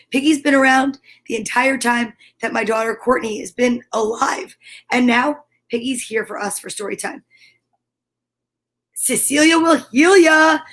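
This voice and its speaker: A middle-aged woman hosting a home story time, talking warmly and encouragingly straight to her viewers. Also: high voice. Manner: warm encouraging, gushing, talks straight to viewers. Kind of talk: upbeat video chat to viewers. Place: home room by a window. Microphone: camera with ring light.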